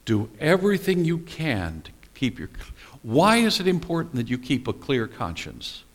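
A man's voice: mid-range voice, huge pitch swings, moderate pace. A male pastor preaching a sermon, telling stories and asking rhetorical questions with small humorous asides.

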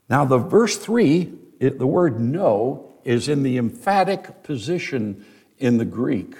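A male pastor preaching a sermon, emphatic, with rhetorical questions and dramatic pauses. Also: mid-range voice, sing-song, creaky, darkish tone, husky.

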